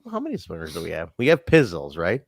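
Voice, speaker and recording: A man co-hosting a loose wrestling review podcast, swearing freely and acting out what people said. His pitch swings widely as he talks. The sound is dry and close. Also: fast, creaky, dry recording. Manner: animated, swears freely, acts out quotes. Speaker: podcast co-host. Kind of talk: casual chat, wrestling show review.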